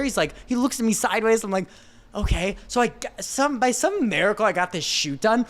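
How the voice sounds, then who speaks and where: A young man, a car photographer, telling animated stories in a casual podcast chat. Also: sits high. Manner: animated storyteller, quick laughs.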